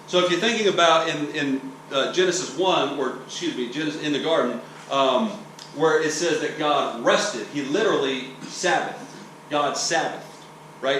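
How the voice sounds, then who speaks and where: A man's voice: on the high side, a bit bright. A preacher from Texas giving a teaching sermon in a conversational, explanatory way, often checking in with "okay?" and restarting his sentences. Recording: roomy echo, distant mic, faint hiss.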